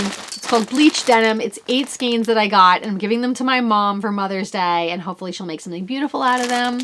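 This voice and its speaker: A woman's voice: a little high, pushed and bright. A woman in her forties hosting a knitting podcast, chatting casually as she shows off her purchases, rambling and poking fun at herself. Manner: chatty, rambling, self-mocking. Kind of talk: casual show-and-tell chat.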